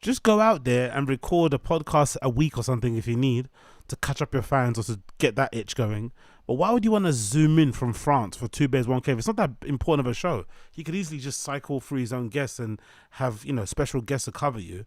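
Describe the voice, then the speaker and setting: A man's voice: medium pitch, lively intonation, dry recording, clean studio sound. A man hosting a commentary show, ranting in an opinionated way and stacking up long lists of points. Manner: opinionated, rapid listing, sarcastic. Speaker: commentary channel host. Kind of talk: ranting commentary on a podcast clip.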